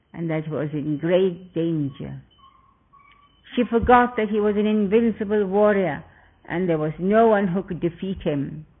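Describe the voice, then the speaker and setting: A man narrating an epic tale in a measured, earnest way. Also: sits high. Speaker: storyteller. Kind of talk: scripted narration. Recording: tinny phone-like sound.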